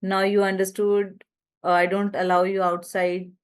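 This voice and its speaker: A woman with a South Asian English accent, answering a teacher's question in a webinar, speaking haltingly and searching for words. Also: mid-range voice, flat delivery, clean tone. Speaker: webinar participant.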